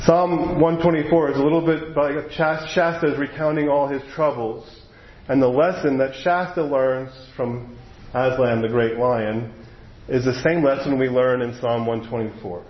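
A man's voice: mid-range voice, steady tone, normal speed, slight background noise. A man preaching a sermon as a pastor, retelling a story in a conversational way, often correcting himself mid-sentence. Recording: echoey, slightly muffled room.

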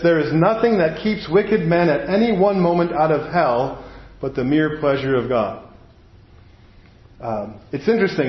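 A man preaching a sermon in a conversational way, often checking in with "right?". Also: a little high. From United States. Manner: conversational, frequent "right?" asides. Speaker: pastor. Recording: roomy, dull audio.

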